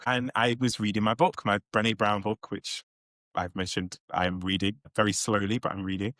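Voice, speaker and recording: A man's voice: fairly low pitch, fairly bright tone, no echo, studio quality. A young man hosting his own podcast vlog, talking in a candid, self-aware way and laughing often. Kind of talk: reflective casual monologue.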